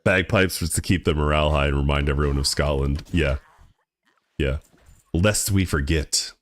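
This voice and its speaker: A man's voice: very deep voice, steady tone, brisk. A young man streaming a game, chatting casually with his viewers in a laid-back, rambling way that stumbles and repeats words. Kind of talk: casual live-stream chat while gaming.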